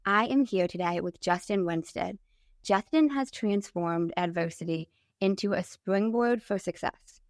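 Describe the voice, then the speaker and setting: Enthusiastic lady podcast host, mid pitch, dry close sound. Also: measured pace, no echo. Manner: upbeat, enthusiastic. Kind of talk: podcast interview hosting.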